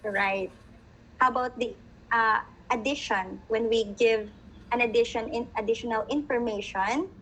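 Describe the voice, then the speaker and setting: A woman with a Filipino accent teaches an online class over a video call, her voice sitting a little high. She slips Tagalog words into her English and keeps asking the class whether things are clear. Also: moderate pace, a bit bright, a little hiss or hum, rough recording. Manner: mixes English with Tagalog, keeps checking understanding.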